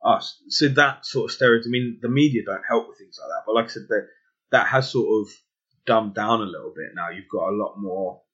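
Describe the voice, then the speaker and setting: Husky-voiced English man, low and chatty. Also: fairly quick, fairly bright tone, lo-fi sound. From England. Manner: chatty, self-interrupting, jokey asides. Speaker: podcast co-host. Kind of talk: casual chat.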